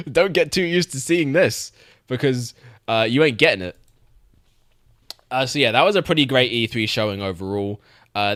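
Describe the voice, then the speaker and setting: A man's voice: lowish voice, fairly bright tone. A young man streaming, chatting casually about games, swearing freely and laughing often. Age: young adult. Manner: laid-back, swears, laughs often, repeats words.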